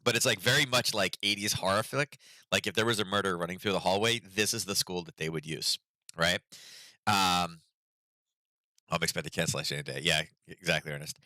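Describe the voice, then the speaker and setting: A man's voice: low-pitched, brisk, pushed and bright, dry recording. A middle-aged man hosting a market livestream, chatting casually and rambling with lots of fillers. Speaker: market analysis host.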